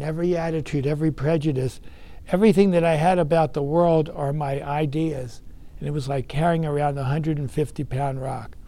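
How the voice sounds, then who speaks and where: A man's voice: a little high, mellow. A man giving an earnest recovery meeting talk, telling his story with emphatic bursts. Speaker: speaker sharing recovery experience.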